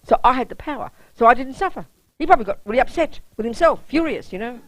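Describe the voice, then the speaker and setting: Blunt, animated woman giving a dharma talk. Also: a little high, fast talker, rough recording. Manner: blunt, lively, keeps checking the audience understands. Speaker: Buddhist nun and teacher. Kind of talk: public dharma talk with personal storytelling.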